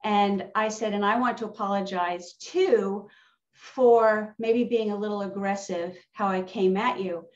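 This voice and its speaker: A woman's voice: mid-range voice, unhurried. Woman telling a story from a distance. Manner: animated, reenacts conversations in her story. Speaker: church member sharing a testimony. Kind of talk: casual storytelling testimony. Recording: distant, roomy, dull sound.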